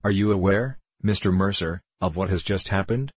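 A man reading the part of a stern, pompous older minister, lecturing in a formal, indignant way with a husky voice. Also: sits low, normal speed, no room sound.

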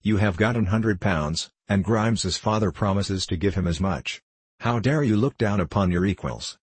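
A man's voice: on the low side, moderate pace, breathy edge, dry recording. A man reading a bullying old-time squire. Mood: scolding. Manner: domineering, scolding. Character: blustering bullying country squire, male, middle-aged. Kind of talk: audiobook character reading.

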